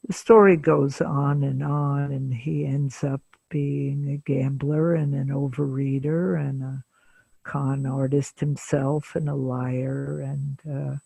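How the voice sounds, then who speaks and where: A woman in her seventies, a psychotherapist, telling a case story slowly and deliberately in an interview, with frequent pauses. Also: very deep voice, flat delivery, creaky, dark tone, breathy edge, no echo. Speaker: psychotherapist guest.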